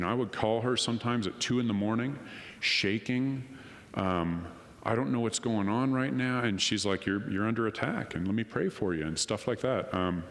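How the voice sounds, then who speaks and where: Earnest man in an echoing hall. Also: fairly low pitch. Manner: earnest and emotional, quoting others in lively voices. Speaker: conference speaker. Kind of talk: personal testimony talk. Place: conference hall. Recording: long reverb of a hall.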